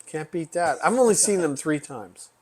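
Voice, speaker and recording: A man's voice: on the high side, animated, moderate pace, a little mellow, husky. A man co-hosting a casual tasting chat, agreeable and often finishing his partner's sentences. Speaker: podcast co-host.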